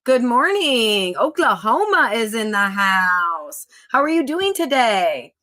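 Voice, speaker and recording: A woman's voice: a little high, very animated, slow pace, pushed and bright. A middle-aged woman hosting a live stream, chatting upbeat with viewers and reading out their comments. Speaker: livestream host.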